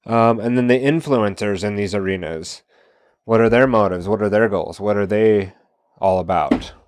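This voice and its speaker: A man with a low voice hosts a solo commentary show. He talks casually and works through his points by asking rhetorical questions. The sound is dry and close, with no room around it. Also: normal speed, dry recording. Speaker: podcast host.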